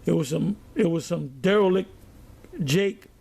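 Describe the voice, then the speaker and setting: Gravelly high-voiced New preacher. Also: male voice, unhurried, a little mellow. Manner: storytelling, reads scripture aloud. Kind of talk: sermon.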